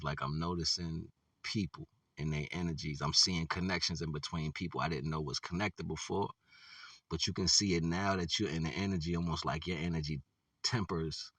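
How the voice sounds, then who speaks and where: A man casually telling a story on his vlog, relaxed and laughing often, full of "you know what I'm saying" fillers. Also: deep voice, no room sound, far from the mic. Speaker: vlogger.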